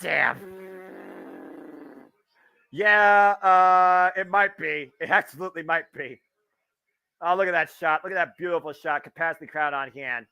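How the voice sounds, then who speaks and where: A man's voice: a little high, a little fast, vocal fry, sharp tone, dull audio. A man from the Midwest of the US, hosting a casual live wrestling watch-along with wisecracking, swearing commentary. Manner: chatty, wisecracking, swears freely.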